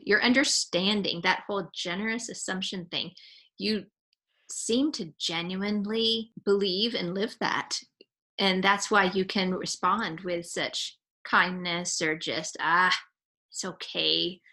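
A woman's voice: mid-range voice, sharp tone. A woman host in an interview who affirms her guest and reflects back what she heard in a thoughtful way. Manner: affirming, reflective, slow and deliberate. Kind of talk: interview conversation.

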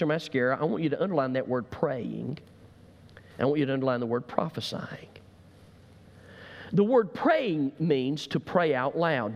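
A man preaching a sermon as pastor, emphatic and repetitive, building to loud calls, in a church sanctuary. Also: a little high, long reverb tail.

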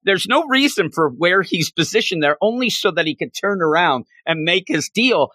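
Speaking at normal speed in a high voice, a male podcast co-host excitedly recounts funny scenes during a relaxed chat. He performs the characters' lines with animation, captured in a dry recording.

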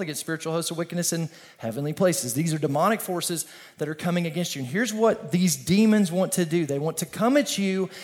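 Pastor, man, slightly high voice, energetic conversational sermon, call-and-response.

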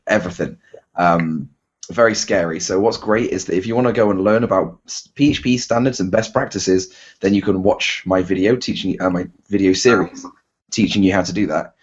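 Low husky man with a Bristol accent. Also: highs cut off. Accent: Bristol English. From England. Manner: rambling, self-deprecating, many fillers and restarts. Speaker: podcast host. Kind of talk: casual chat.

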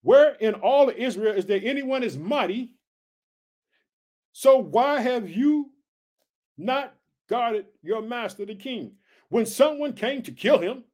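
Man reading a bold young warrior, taunting, firm, very high voice. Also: lively intonation, takes it slowly, long pauses, darkish tone, exaggerated voice.

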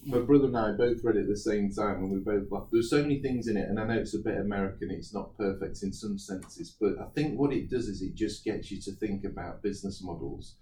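A man's voice: lowish voice, a little fast, hardly any pauses, warm tone. A man from the United Kingdom being interviewed as an entrepreneur guest, telling chatty anecdotes and laughing often. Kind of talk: podcast interview, storytelling. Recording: echoey room, slightly distant mic.

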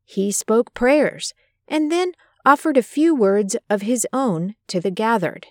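A woman hosting a podcast, reading a scripted narration and commentary in a measured, emphatic way. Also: a little high, expressive, darkish tone, no echo, clean studio sound. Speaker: podcast host. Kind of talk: scripted narration of a personal story and biblical commentary.

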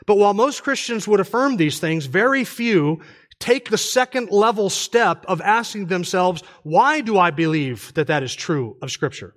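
High-voiced man giving an emphatic sermon. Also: expressive, normal speed, fairly bright tone. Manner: emphatic, argumentative. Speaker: conference speaker. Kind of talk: conference sermon. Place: church.

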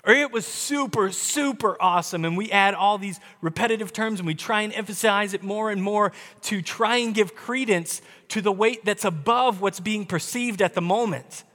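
A man's voice: high voice, a bit bright. Emphatic male preacher in a reverberant hall. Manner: emphatic, varies pace, slow deliberate stresses with quick asides. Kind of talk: sermon.

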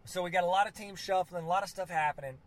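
A man co-hosting a casual sports podcast, joking and animated, laughing at his own jokes. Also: sits high, racing. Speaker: podcast co-host. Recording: lo-fi office recording with faint background noise.

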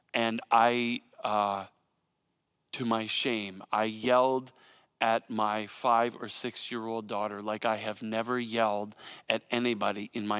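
A man in his thirties preaching a sermon, moving between impassioned, repetitive preaching and quiet personal storytelling. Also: medium pitch, smooth, no room sound, studio quality. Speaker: pastor.

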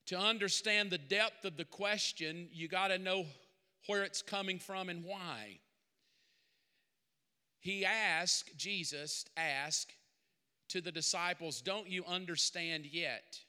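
A man's voice: sits high, takes it slowly, long pauses, sharp tone, clean tone. A male pastor preaching a sermon, talking conversationally and then building to emphatic peaks. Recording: long reverb of a large hall.

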